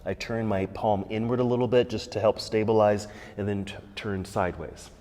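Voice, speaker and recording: Calm low-voiced male yoga instructor. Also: moderate pace, big-room sound, noisy background. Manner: calm, encouraging cues with breath prompts. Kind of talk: guided yoga class instruction. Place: yoga studio.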